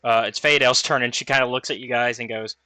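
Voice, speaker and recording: Bright-voiced male dungeon master. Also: medium pitch, fairly even intonation, fast talker, no echo, faint music behind. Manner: thinks aloud over rules, with fillers. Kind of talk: running a tabletop game session.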